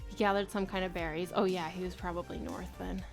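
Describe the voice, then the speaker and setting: With faint background music, a woman from the United States live-streams in a relaxed way, reading viewers' messages out loud and laughing frequently. She speaks with a fairly low pitch and some vocal fry.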